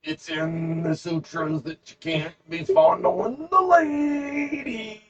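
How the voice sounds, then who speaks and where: A man's voice: fairly high pitch, fairly even intonation, slow pace, lo-fi sound, pitched above the performer's own voice. A man putting on a preachy young monk's scold. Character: preachy young male monk scolding his elder.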